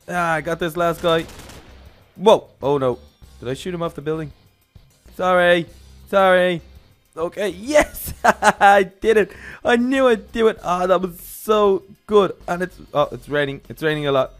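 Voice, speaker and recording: An excitable young man narrates his gameplay in character, a little higher-pitched than most men. He talks through every step aloud and shouts when things get hectic. Faint music plays underneath. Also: measured pace. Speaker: game role-play host.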